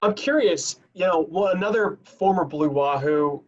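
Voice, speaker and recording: A man's voice: high-pitched, moderate pace, dull audio. A man hosting an interview, reading fan questions and asking long, rambling questions. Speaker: team broadcaster and interviewer. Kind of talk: casual interview.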